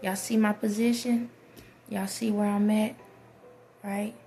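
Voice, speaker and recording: A woman with a gravelly, dark voice gives an encouraging speech to camera on a phone, sounding like she's preaching. Her pitch stays flat and level, she keeps asking "okay?" to make sure viewers follow, and a faint hiss sits under the sound. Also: a little slow. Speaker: vlogger. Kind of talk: motivational monologue to camera. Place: someone else's house.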